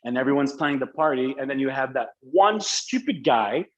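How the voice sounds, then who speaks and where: A man's voice: medium pitch, lively intonation, a little fast, a bit bright, highs cut off. A man teaching an English class live online, in a casual, joking, slangy way. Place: Dubai.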